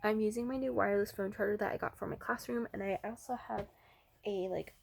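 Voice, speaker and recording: A young woman talking casually at home, chatty and bubbly, with many fillers and some hushed asides. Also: medium pitch, steady tone, brisk, gravelly. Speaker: vlogger and art teacher. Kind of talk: casual vlog chat. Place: indoors at home, in a bedroom.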